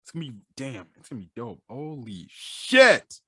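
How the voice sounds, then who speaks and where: A man hosting a casual manga reaction, reading along and breaking into excited exclamations. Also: medium pitch, very fast, slightly rough, no room sound, studio quality. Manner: excitable, bursts into loud exclamations. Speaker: manga reaction channel host.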